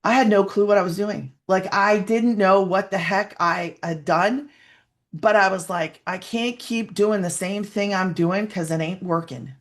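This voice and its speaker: A woman's voice: mid-range voice, a little slow. Woman telling a heartfelt testimonial. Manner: rambling, heartfelt, near tears at times. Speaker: webinar guest sharing a testimonial. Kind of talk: emotional personal testimonial.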